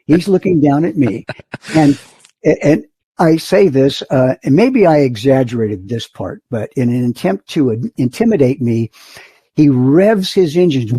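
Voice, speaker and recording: Lively, husky older storyteller. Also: male voice, on the high side, no echo. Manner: animated storyteller, acts out the voices of others. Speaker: guest, flight instructor. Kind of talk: storytelling in a podcast interview.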